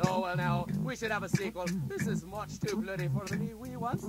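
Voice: mid-range voice, huge pitch swings, moderate pace, creaky, low-quality recording. A performer singing and telling a comic tale in a theatrical mock sea-shanty manner, hailing listeners as lads and mates. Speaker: singer and storyteller. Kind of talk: theatrical sung and spoken comic storytelling. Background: loud music.

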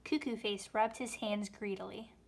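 A woman reading a rhyming children's book aloud, with expressive storytelling delivery. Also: mid-range voice, moderate pace, vocal fry, slight background noise.

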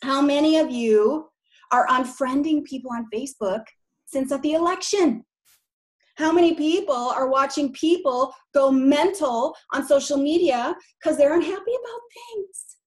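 A woman in her forties with a Minnesota accent and drawn-out long O's, speaking in a slightly high voice. She gives a live presentation to real estate agents in a frank, chatty way and keeps checking in with her audience. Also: darkish tone. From Minneapolis, Minnesota, USA.

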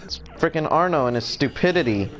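A man's voice: a little high, lively intonation, brisk, a bit bright. A young man commentating a game as he plays, frustrated, swearing and exclaiming at what happens on screen. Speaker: gameplay commentator. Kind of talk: let's play commentary.

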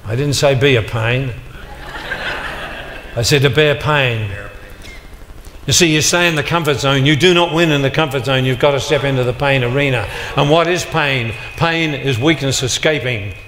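An older motivational speaker talks to a live audience in a large hall, telling stories and acting out dialogue with punchy comic timing. His mid-range, slightly bright voice moves fairly quickly with hardly any pauses. Slight background noise and long reverb mark the live hall recording.

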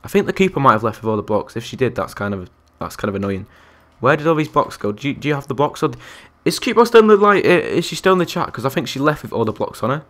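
A man's voice: medium pitch, sing-song, fast talker, hardly any pauses, a bit bright. A young man chatting through a live game stream, counting aloud and reacting to viewers and other players. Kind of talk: live gameplay commentary.

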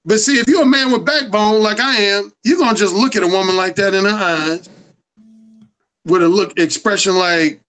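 Guy with a high voice lecturing about dating, emphatic and cussing a lot. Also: moderate pace, fairly bright tone, low-quality recording. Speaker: dating coach and interview guest. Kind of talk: casual interview.

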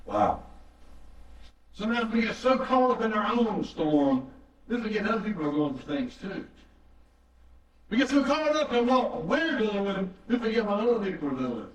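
A pastor delivers a sermon in a high, sing-song voice at a moderate pace, sincerely recounting a story and driving points home through repetition. Captured in the church sanctuary, the sound is dull, distant and full of echo.

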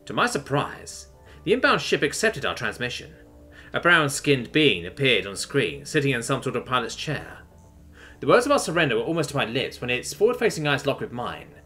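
A male storyteller reads a first-contact tale with a lively, animated pitch. His delivery is tense and dramatic. His tone is bright and forward. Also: normal speed, faint music behind. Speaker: narrator. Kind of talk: audiobook story narration.

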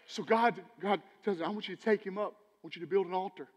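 Animated preacher, high voice, church hall reverb. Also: male voice, quick pace, hardly any pauses, slight background noise. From Texas. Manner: animated, preachy, swings between loud emphasis and quiet asides. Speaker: pastor. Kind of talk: sermon. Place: church sanctuary.

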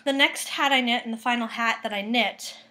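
Chatty woman vlogger with a high voice. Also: brisk, sharp tone. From Boston. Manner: chatty with many fillers and restarts. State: close to tears, subdued. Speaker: knitting vlogger. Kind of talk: casual chat to camera. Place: home kitchen.

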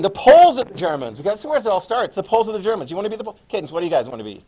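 A male history teacher lecturing a classroom in a playful, animated way, adding sound effects. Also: sits high, rapid-fire, few pauses.

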